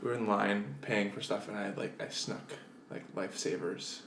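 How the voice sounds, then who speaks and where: A young man co-hosting a casual podcast chat, telling animated childhood stories and jumping high in pitch when he laughs. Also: normal speed, creaky, a little hiss or hum. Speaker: podcast co-host. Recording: echoey room.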